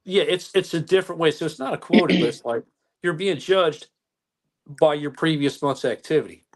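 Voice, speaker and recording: A middle-aged American man, a police chief, telling work stories in a folksy, animated way during an interview. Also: a little high, a little fast. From United States. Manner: folksy, animated retelling with acted-out quotes. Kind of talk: conversational storytelling interview.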